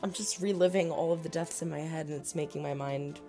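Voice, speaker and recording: Excited chatty woman with a Jersey accent. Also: low voice, soft background music. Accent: New Jersey. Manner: gushing, excited, chatty with quick asides. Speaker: reaction video host. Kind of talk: casual unboxing and review chat.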